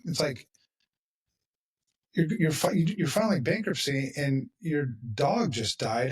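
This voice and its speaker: A husky man hosting a podcast in loose, casual chat. He talks bluntly and with emphasis, and he swears freely. His voice sits back from the mic. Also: mid-range voice, recorded from a distance. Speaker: podcast host.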